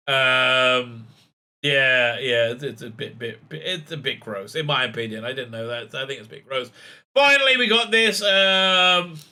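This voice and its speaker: A man with a high, sharp, bright voice giving sarcastic video commentary. He rants with plenty of fillers and breaks into sudden loud outbursts. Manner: sarcastic, ranting, with frequent fillers. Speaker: online commentator.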